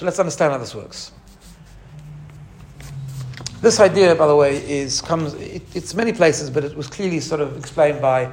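Guy with a high voice teaching a religious lesson, animated, mimics sounds. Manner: animated, imitates shofar sounds, restarts often. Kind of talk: teaching talk.

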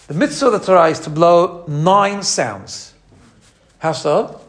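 A man teaching a lively religious lesson. He imitates sounds as he explains and often restarts his phrases. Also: sits high, measured pace. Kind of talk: teaching talk.

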